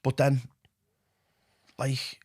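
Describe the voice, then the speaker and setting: Man, middle-aged, Liverpool accent, podcast guest, candid storytelling, animated with hushed asides, dry close sound. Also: very slow, no echo. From England. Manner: animated, drops to a hushed voice when quoting himself.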